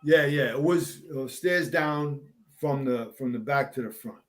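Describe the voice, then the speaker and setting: A man in his sixties, a veteran fire captain, telling war stories as a podcast guest in a lively, profane way. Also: mid-range voice, unhurried. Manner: animated, profane storyteller. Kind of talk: casual storytelling in an interview.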